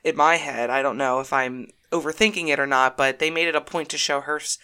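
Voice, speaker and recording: A woman co-hosting a casual movie review chat, animated and loose, swearing freely and full of fillers and restarts. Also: sits low, a little fast, clear, resonant tone. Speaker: podcast co-host.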